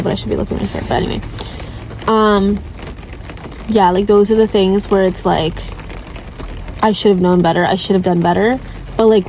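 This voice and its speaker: A woman's voice: medium pitch, darkish tone, slight background noise, low-quality recording. A woman in her twenties, from Canada, talking casually and candidly in a vlog and filling her speech with "like" and "right?". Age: 20s. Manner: chatty, heavy use of "like" and "right?", candid. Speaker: vlogger. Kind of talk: casual confessional advice talk.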